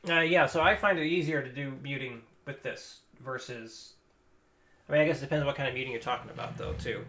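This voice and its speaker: A man's voice: medium pitch, a little fast, pushed and bright, slight background noise. A man hosting a live stream, reacting casually to a guitar lesson video in a loose, rambling way and swearing now and then. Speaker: guitar teacher and stream host. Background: electric guitar playing.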